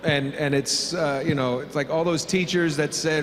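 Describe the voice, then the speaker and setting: A man's voice: a little high, steady tone, normal speed. Joking man in an echoey convention hall. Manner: rambling, jokey, many fillers. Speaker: voice actor panelist. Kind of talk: convention panel Q&A answers. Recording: reverberant convention hall, faint hum.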